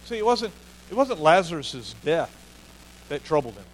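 A man's voice: fairly high pitch, big pitch swings, normal speed, low-quality recording. A man preaching a sermon in an earnest way, often repeating key phrases for emphasis. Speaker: pastor.

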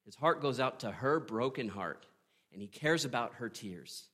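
A man preaching a sermon, retelling a story with earnest drama, pausing and asking "right?". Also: medium pitch, lively intonation, a bit bright. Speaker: pastor.

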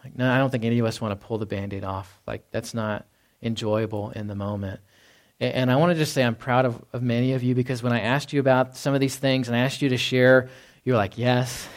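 A man's voice: mid-range voice, steady tone, brisk. A man preaching a sermon to a congregation in a conversational way, often acting out quotes and asking "right?". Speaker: pastor. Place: church hall before a congregation.

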